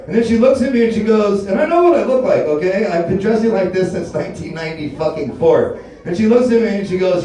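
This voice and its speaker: A man's voice: high voice, a little fast, warm tone. A man from Alaska doing a loose, rambling, profane stand-up set at a bar open mic. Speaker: stand-up comedian. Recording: echoey room, mic heard from a distance.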